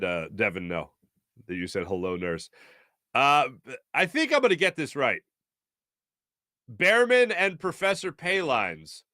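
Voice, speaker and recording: Lively, joking sports talk host. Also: male voice, a little high, no room sound, clean studio sound. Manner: playful, animated, jokey. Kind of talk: live sports talk, reading viewer comments.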